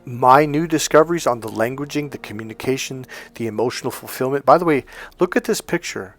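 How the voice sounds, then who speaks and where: A man's voice: medium pitch, a little fast, faint music behind. A man speaking as a dating coach in a persuasive, emphatic monologue to his viewers. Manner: emphatic, persuasive, acts out quoted voices.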